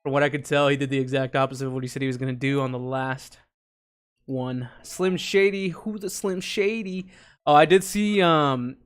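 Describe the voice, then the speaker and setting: A man's voice: medium pitch, normal speed, clear, resonant tone. A young man hosting a casual live stream, hyped and greeting viewers by name. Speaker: livestream host.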